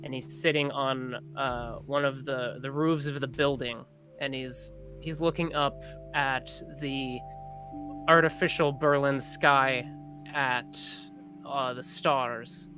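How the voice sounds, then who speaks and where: A player slowly narrating their character's scene in a tabletop role-play game, halting and full of fillers. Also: medium pitch, fairly even intonation, over music, poor audio.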